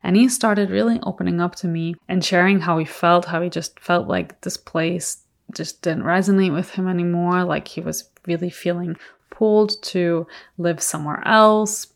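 A woman's voice: lowish voice, normal speed, vocal fry. A woman hosting a podcast, telling a personal story in an earnest, reflective way. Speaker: podcast host.

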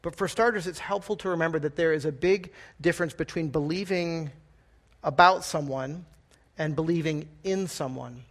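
Pastor guy preaching, chatty and emphatic, voice a bit on the high side, keeps saying right?. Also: moderate pace. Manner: conversational, emphatic, with frequent "right?" asides. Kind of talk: sermon.

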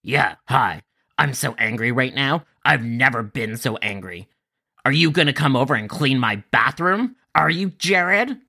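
A man's voice: medium pitch, animated, measured pace, vocal fry, sharp tone, heavily acted. A man voicing a furious woman caller who got sick, crude and accusing, dragging out her words. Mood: indignant.

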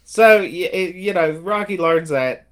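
A man's voice: sits high, unhurried. A man co-hosting a podcast, casually reviewing films and acting out scenes with laughs. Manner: animated retelling, acting out movie lines with laughs. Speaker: podcast co-host. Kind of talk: casual movie review chat.

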